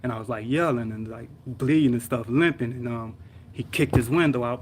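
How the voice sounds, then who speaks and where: A man's voice: medium pitch, a little fast, slightly rough. A young man on a live stream, telling a story in a rambling, slangy way, full of sound words and fillers. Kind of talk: casual storytelling vent. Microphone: live stream mic.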